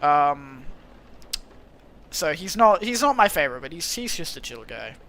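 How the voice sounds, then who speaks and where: A young man streaming a game, commenting casually and excitably, laughing often. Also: a little high, measured pace.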